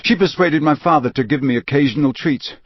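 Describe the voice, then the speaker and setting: Man reading as a flat, vacant young dark wizard. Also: on the high side, brisk, no room sound, lo-fi sound, natural voice. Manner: flat, monotonous, emotionless. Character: young male dark wizard confessing under truth potion, vacant.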